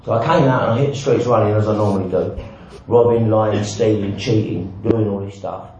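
Blunt man in a booming hall. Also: a little fast, mellow, slight background noise. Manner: frank, blunt and self-mocking, with swearing and repeated "right?". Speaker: recovering alcoholic sharing his story. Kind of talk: personal recovery talk with self-mocking humour. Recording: very echoey, dull hall recording.

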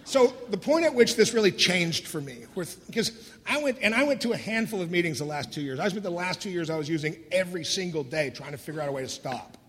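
Husky middle-aged guy, kinda high voice, dry jokes about dark stuff, big echoey hall. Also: expressive, fast. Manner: candid, wry, laughs through dark moments. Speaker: speaker sharing his recovery story. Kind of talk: personal storytelling talk. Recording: voice in a hall with long reverb.

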